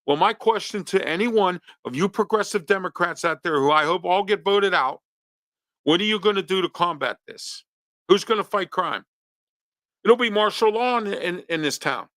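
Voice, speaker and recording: A man's voice: high-pitched, expressive, normal speed, fairly bright tone, no echo. A man from hosting a local talk show, ranting his opinions with pointed rhetorical questions. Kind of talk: opinionated monologue.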